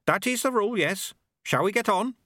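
A man voicing a stern, sharp-tongued old male sweeper monk who snaps his words, in an audiobook. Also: high-pitched, expressive, moderate pace, no echo, studio quality, pitched above the performer's own voice. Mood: stern, scolding. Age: older. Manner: snapping, stern. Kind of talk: audiobook character voice.

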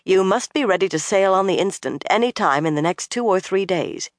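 An audiobook narrator voicing a stern young woman who gives orders briskly and firmly. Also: medium pitch, dry recording, studio quality, lightly acted. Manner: brisk and firm.

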